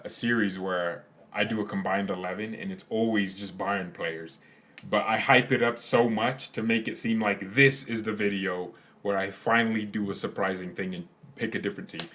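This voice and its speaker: A man's voice: on the low side, fairly bright tone. Casting: young male channel host, casual and rambling, jokey asides to his viewers. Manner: rambling, joking, trails off into silly asides. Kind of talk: casual live chat with viewers.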